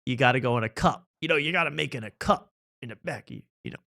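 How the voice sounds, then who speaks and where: A man's voice: medium pitch, quick pace, vocal fry, sharp tone. A man hosting a casual talk show, laughing often and repeating catchphrases. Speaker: host. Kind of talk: casual podcast chat.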